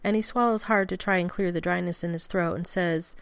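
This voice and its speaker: Female audiobook narrator, intimate and expressive, low-pitched, dry close mic. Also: fairly quick, creaky, clean tone, no echo. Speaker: audiobook reader.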